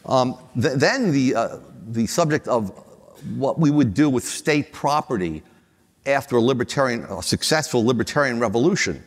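A man's voice: mid-range voice, expressive, moderate pace, breathy edge. An older man on a conference panel, telling anecdotes with frequent restarts and chuckles. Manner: rambling, many restarts, chuckles at own stories. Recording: long reverb of a hall.

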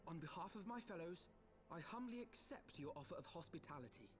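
A man's voice: on the high side, animated, close to an everyday voice. A man playing an earnest young scholar. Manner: formal, measured speech. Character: earnest young male scholar and leader, formal.

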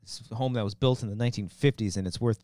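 A man's voice: lowish voice, fast, darkish tone, dry recording, studio quality. A man co-hosting a comedy podcast, joking and teasing in casual banter. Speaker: podcast co-host.

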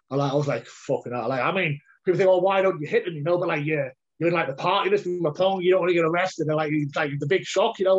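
A man's voice: on the high side, breathy edge. A man, a heavyweight fighter telling a long story in a casual interview, rambling and repeating words. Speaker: heavyweight MMA fighter, guest. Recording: dull lo-fi audio.

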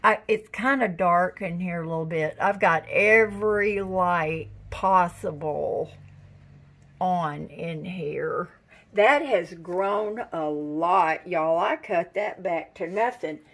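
A woman's voice: on the low side, slow pace, fairly bright tone. A woman, chatting casually in a giggly, folksy way while filming a home vlog indoors. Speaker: vlogger.

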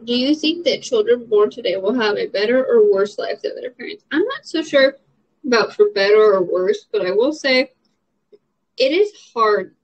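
Young woman vlogger, slightly high voice, chatty and rambling, muffled lo-fi recording. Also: lively intonation, moderate pace. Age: young adult. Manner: rambling, filler-heavy, frank. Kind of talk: casual chat answering question prompts. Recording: dull lo-fi audio.

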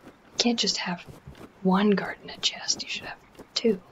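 A woman's voice: medium pitch, steady tone, a little slow, a bit bright, highs cut off. A Canadian woman giving casual, self-mocking commentary over a video game, often dropping to a whisper while sneaking. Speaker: let's play gamer.

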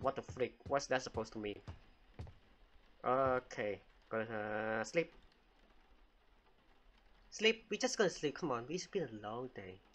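Jokey, bright-voiced man gaming. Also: medium pitch. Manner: jokey, exclaims and talks back to the game. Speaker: gamer. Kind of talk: casual gameplay commentary.

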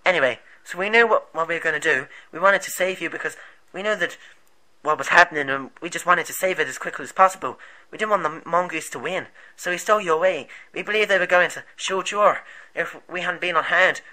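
A man's voice: on the high side, fast talker, sharp tone, poor audio. A man voicing an earnest male rebel group leader who explains things at rambling length, in an amateur movie.

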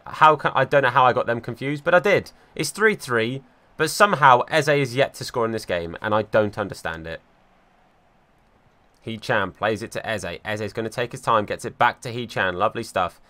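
A young man giving live commentary over his football video game, swinging from calm play-by-play to exasperated outbursts. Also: medium pitch, moderate pace. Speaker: gaming YouTuber.

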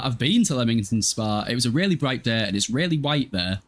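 A man's voice: mid-range voice, animated, brisk. A man in his twenties casually commentating a life-sim game live, chatty, swearing freely and answering chat. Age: 20s. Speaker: game streamer.

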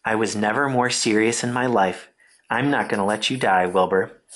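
Calm wise spider lady, as a man reads her. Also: on the low side, normal speed. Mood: soothing. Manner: steady, reassuring, crisp. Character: calm wise female spider, cool and kind.

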